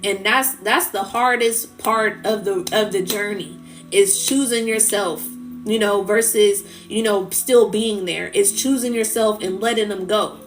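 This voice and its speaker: Hosting a spiritual livestream, a woman talks about healing in a heartfelt, rambling way packed with fillers, growing tearful as she goes. Her voice sits in the mid-range with fairly even intonation and an unhurried pace, over soft background music. It's emotional, casual livestream talk.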